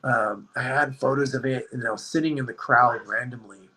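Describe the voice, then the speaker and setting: A man tells a story in a loose, rambling podcast chat and keeps stacking up "like" as he goes. His voice is bright and forward, with a husky edge. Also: medium pitch, normal speed, poor audio. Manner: rambling, animated, heavy use of "like". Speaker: podcast guest.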